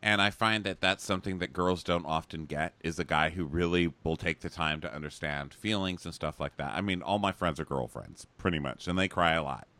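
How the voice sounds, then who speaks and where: A man's voice: low voice, brisk, few pauses, sharp tone. A man co-hosting a podcast, casually recapping a reality show in a gossipy, sardonic way and acting out quotes. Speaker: podcast co-host.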